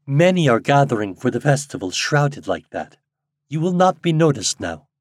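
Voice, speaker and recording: A man reading an audiobook and voicing a gentle, frightened young woman from a primitive realm, speaking softly and pleadingly. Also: medium pitch, very animated, normal speed, no room sound, studio quality, pitched above the performer's own voice.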